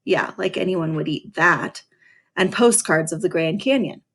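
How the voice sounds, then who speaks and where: A woman's voice: fairly low pitch, unhurried, a bit bright, husky. Woman reading a novel aloud, dry. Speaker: reader.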